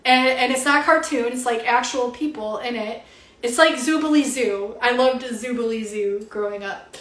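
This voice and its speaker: A young woman, a spiritual reader, chatting casually at home on a livestream, animated and swearing freely with lots of fillers. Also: a little high, moderate pace. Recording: roomy echo.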